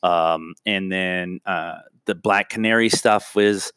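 A man with a fairly low voice, chatting casually as a podcast co-host. He rambles and fills gaps with "uh" and "um". The sound is dry and close, with no room echo. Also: fairly even intonation, slow pace, fairly bright tone, smooth. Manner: rambling, full of filler sounds and restarts. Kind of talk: casual chat.

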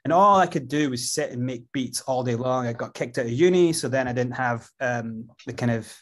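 A man's voice: medium pitch, moderate pace. Scottish man, rambling storyteller, loose and chatty, lots of fillers and restarts, interview guest. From Scotland.

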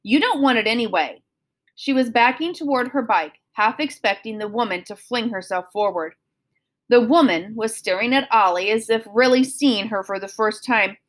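A woman reading a children's novel aloud in a steady, expressive storytelling manner. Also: on the high side, normal speed. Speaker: audiobook reader.

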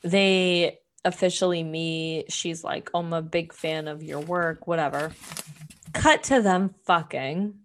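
A woman's voice: on the low side, slow, a little hiss or hum. A young woman chatting casually on a podcast, recapping a show and peppering her talk with "like" and swearing. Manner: rambling, heavy on "like", swears freely.

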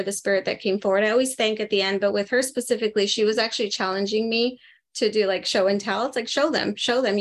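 A woman of ordinary pitch giving a medium reading in a live group call. She talks in a chatty, animated way and breaks into laughter as she passes on messages. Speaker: medium, interview guest.

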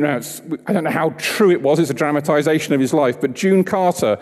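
In a church with a big-room sound, a man preaches a sermon conversationally, asking the congregation questions. His voice is a little high and a little mellow.

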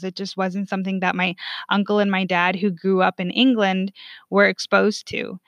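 A woman's voice: mid-range voice, little pitch movement, normal speed. A young woman shares a personal story in a blunt, casual way, dropping curse words and filling gaps with "like." The recording is dull and lo-fi, with a dry, close sound and no room echo. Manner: frank, profane, heavy on "like" fillers.

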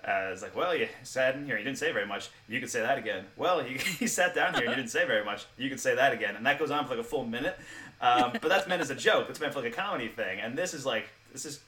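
A man co-hosting a podcast, chatting casually about a film, quick and animated, laughing often. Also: medium pitch, far from the mic, noisy background. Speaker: podcast co-host.

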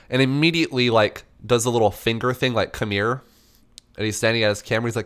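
A young man casually telling a story, animated, swearing and acting out the people in it. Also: fast. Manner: animated, swearing, acts out dialogue in a higher voice.

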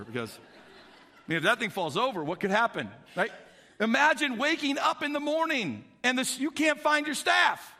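A man preaching a sermon, telling a story with humor and acting out the voices of the people in it. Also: very high voice. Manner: animated storytelling, acting out voices for comic effect. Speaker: pastor. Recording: long hall reverb.

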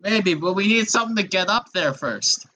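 A podcast co-host riffing through improvised comedy bits, excitable and quick to laugh. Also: mid-range voice.

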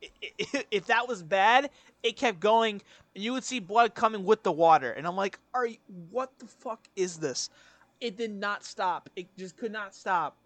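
Young guy on a podcast rambling through a story, high voice, dry close sound, swears a lot. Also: normal speed, a bit bright, no room sound. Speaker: podcast co-host. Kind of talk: casual chat.

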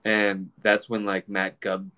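A man's voice: lowish voice, monotone, slow pace, sharp tone, smooth. Laughing, profane middle-aged man rambling. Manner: rambling, profane, laughs often, acts out quoted exchanges. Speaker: comedian, group admin. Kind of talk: casual podcast chat.

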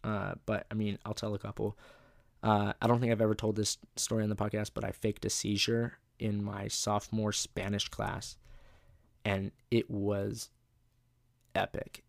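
A man's voice: on the low side, little pitch movement, moderate pace, vocal fry, dry recording, studio quality. A young man hosting a podcast, telling rambling, profane stories in a casual monologue and laughing at his own jokes. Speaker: podcast host.

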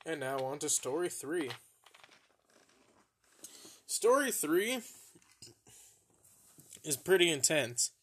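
A man's voice: on the high side, moderate pace, few pauses, fairly bright tone, a little hiss or hum. A young man hosting a podcast, casually telling embarrassing stories, swearing freely and laughing at himself. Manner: profane, laughing at his own embarrassing stories. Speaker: podcast host. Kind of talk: casual storytelling.

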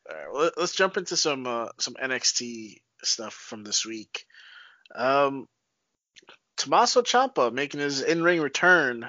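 A man co-hosting a casual podcast, steering topics with animated, halting talk. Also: mid-range voice, no echo. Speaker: podcast co-host. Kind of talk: casual chat. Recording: dull lo-fi sound.

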